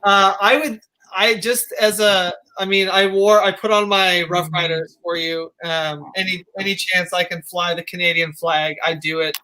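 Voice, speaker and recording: A woman hosting a casual interview who asks questions in halting, self-interrupting bursts. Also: fairly low pitch, fairly even intonation, bright, forceful tone. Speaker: interview host.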